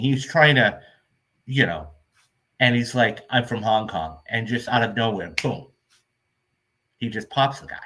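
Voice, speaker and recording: A man's voice: on the low side, sharp tone. Rambling man recapping film spoilers. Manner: rambling retelling with frequent "okay?" check-ins. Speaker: film review host.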